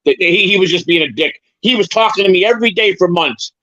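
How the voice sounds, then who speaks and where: A high-voiced man rambles through stories, tripping and repeating his words as he goes. His voice sounds dull and lo-fi, and very dry, with no room around it. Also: quick pace, bright, forceful tone, dry recording. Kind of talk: casual chat.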